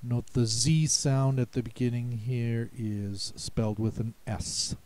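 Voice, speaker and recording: Slow, mellow-voiced man teaching vocabulary. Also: mid-range voice, fairly even intonation. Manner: reads word list slowly, clearly enunciating each word. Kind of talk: slow deliberate vocabulary lesson.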